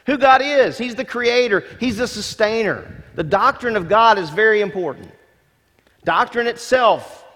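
A man's voice: high voice, fairly bright tone. A male senior pastor preaching a sermon in a church, emphatic, repeating key words and asking rhetorical questions. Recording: long hall reverb.

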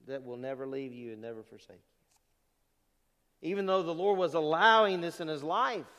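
A man preaching a sermon, animated and full of rhetorical questions to the congregation. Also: fairly high pitch, normal speed. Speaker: pastor. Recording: long hall reverb.

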